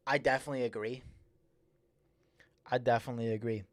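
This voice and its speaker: A young man hosting a livestream talks through a submitted song at a quick pace, his medium-pitched voice keeping a steady tone with no room sound. His feedback is casual and rambling, heavy on fillers and repeated words. He notes that he slurs his S's a little, and they come out slightly slurred.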